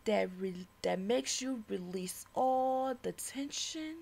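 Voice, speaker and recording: Slow, gravelly-voiced woman reciting poetry. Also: a little high. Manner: impassioned, preaching tone, shifting from soft whispers to loud declarations. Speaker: poet. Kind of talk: spoken-word poetry recital.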